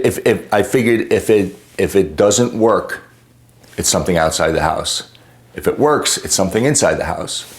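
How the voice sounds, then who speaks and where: Deep-voiced man venting to camera. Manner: exasperated, animated retelling with acted quotes. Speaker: homeowner telling a customer-service story. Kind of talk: casual to-camera storytelling.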